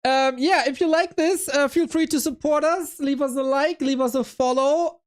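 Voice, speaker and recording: A woman's voice: high voice, normal speed. A woman casting a game stream, chatting casually in a laid-back, self-mocking way and laughing often. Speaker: esports caster.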